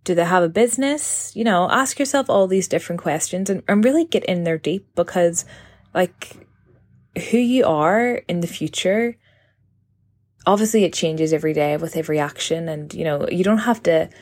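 A woman in her mid-twenties chatting alone into her phone for her podcast. Her voice sits a little low for a woman. She rambles, fills her talk with "like" and keeps correcting herself. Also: moderate pace, a little mellow. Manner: chatty, rambling, heavy use of "like", self-correcting. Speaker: podcast host. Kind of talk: casual solo podcast chat.

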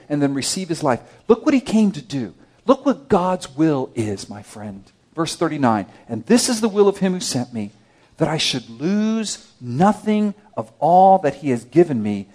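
Impassioned male preacher, fairly high voice. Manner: expressive preaching, swinging between loud emphasis and hushed, low asides. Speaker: pastor. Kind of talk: sermon.

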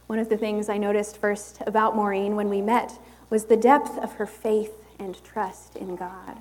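A woman preaching a sermon in a slow, measured, reflective way. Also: medium pitch, level tone, darkish tone, big-room sound.

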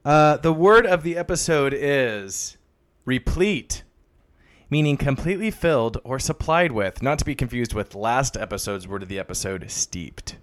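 A man's voice: medium pitch, expressive, normal speed. A man co-hosting a comedy podcast, reading out segments and making crude, teasing jokes. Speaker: podcast co-host. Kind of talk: casual comedy podcast chat.

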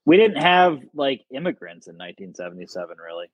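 A man's voice: mid-range voice, very animated, quick pace, no echo. A man talking as a podcast guest in casual chat, blunt and matter-of-fact.

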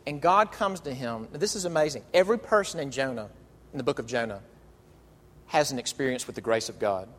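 A male pastor delivering an animated, emphatic sermon, drawing out key phrases. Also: mid-range voice, a little fast. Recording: long reverb of a large hall.

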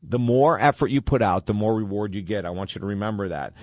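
A man hosting an advice talk show, answering listener questions in a blunt, animated and candid way. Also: fairly low pitch, fast, dry recording, studio quality.

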